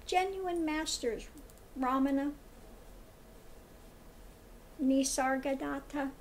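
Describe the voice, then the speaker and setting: A woman's voice: high-pitched, takes it slowly, slight background noise. A woman giving a spiritual commentary monologue, emphatic and scornful, who repeats her points and asks "okay?" often. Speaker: tarot reader and spiritual commentator.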